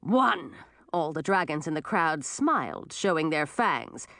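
Woman reading a storybook aloud, lively pitch, lower voice, dry close sound. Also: moderate pace, smooth, no echo. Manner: expressive, varied pitch. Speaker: narrator.

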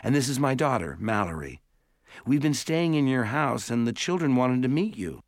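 A man's voice: mid-range voice, big pitch swings, moderate pace, dry recording, clean studio sound, voice pushed up. A man voicing a mother of three who speaks hesitantly and politely.

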